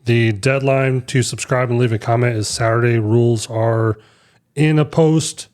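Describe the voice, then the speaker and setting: A man's voice: mid-range voice, steady tone, normal speed, darkish tone. A young adult man co-hosting a podcast, telling stories in a rambling way with many fillers and restarts. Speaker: podcast co-host. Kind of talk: casual chat.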